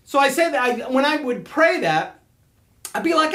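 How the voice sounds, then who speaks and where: A man preaching a casual sermon, excitable and animated, laughing often as he talks. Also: extremely high pitch, normal speed, echoey room.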